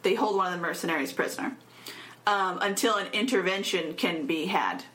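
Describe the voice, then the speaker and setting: A woman casually retelling a story in a chat, animated and laughing often. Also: on the low side, brisk. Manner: animated, laughs often, acts out quoted voices.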